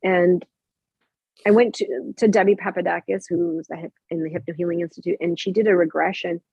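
A woman's voice: lowish voice, fairly even intonation, fairly quick, dark tone, breathy edge, no room sound. A woman casually telling personal stories about her spiritual practices, rambling with many restarts and fillers. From Mexican heritage, living in Canada. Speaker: guest sharing personal spiritual experiences. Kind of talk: casual conversational storytelling. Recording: dry, tinny phone-like sound.

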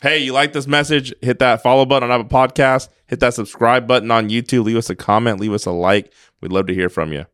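A man's voice: medium pitch, fairly even intonation, fast talker, hardly any pauses, a bit bright, dry recording. Guy co-hosting a podcast, earnest motivational talk, mid voice, dry close mic. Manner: earnest, exhorting, rhetorical questions. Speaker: podcast co-host.

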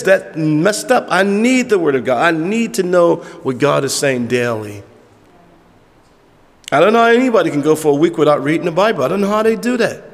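A man preaching a sermon as pastor, emphatic and repetitive, dropping to hushed asides, in southern US vernacular. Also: high voice. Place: church sanctuary. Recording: long church hall reverb.

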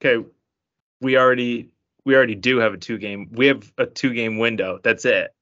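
A man's voice: medium pitch, fairly quick, a bit bright, lo-fi sound. A man co-hosting a casual sports podcast, laid-back and wry, often laughing along. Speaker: podcast co-host.

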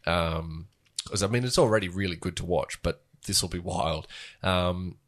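Deep-voiced man rambling through a story. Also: fairly even intonation, normal speed, a bit bright. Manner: rambling, filler-heavy storytelling. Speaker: podcast co-host. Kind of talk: casual chat.

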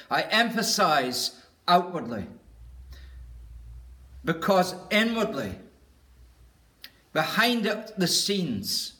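A man preaching a sermon in an earnest, deliberate way, lingering on each word of a list. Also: high-pitched, pushed and bright.

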